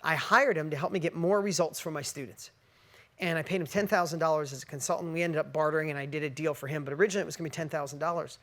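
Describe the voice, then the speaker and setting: A man's voice: fairly high pitch, very fast, a bit bright. A middle-aged man telling a personal story as a motivational speaker, earnest and emotional, acting out the dialogue he recounts.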